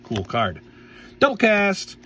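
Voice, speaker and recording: A man's voice: high-pitched, huge pitch swings, slow pace, sharp tone, recorded from a distance, a little hiss or hum. Playful man casually opening card packs. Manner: playful, jokey, trips over card names. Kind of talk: casual pack-opening commentary.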